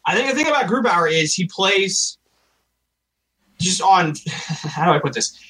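A man's voice: high-pitched, lively intonation, a little slow, sharp tone, husky, rough recording. A man co-hosting a casual sports podcast, giving opinions with lots of hesitation and restarts. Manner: hesitant, many fillers and restarts. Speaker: podcast co-host.

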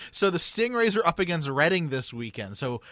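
A man's voice: on the high side, very animated, normal speed, sharp tone, dry recording. A man hosting a casual hockey podcast, playful and teasing his co-host, laughing often.

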